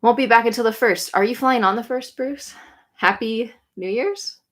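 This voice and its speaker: A young woman chatting casually on a livestream, answering comments with lots of "like" and quick, bright greetings. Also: on the high side. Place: home room.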